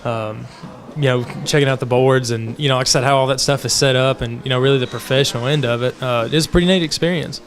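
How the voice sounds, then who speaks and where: A teenage boy, a musician guest on a talk show, with a mid-pitched voice. He answers hesitantly and lazily, stacking fillers between his thoughts. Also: fairly even intonation, fast talker, a little hiss or hum. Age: teens. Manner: hesitant, filler-heavy, laid-back. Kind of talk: casual interview chat.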